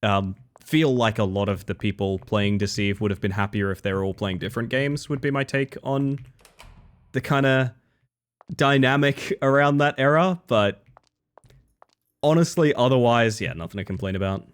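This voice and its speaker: This Australian streamer has a smooth, medium-pitched voice at a normal speed. Chatting casually with viewers while he plays, he rambles and swears offhandedly, often cutting himself off to start sentences over.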